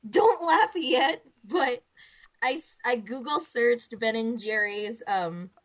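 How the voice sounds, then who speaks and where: A woman's voice: on the high side, lively intonation, slow pace. A woman hosting a podcast, chatting casually and thinking aloud with frequent restarts. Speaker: podcast host. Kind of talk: casual chat.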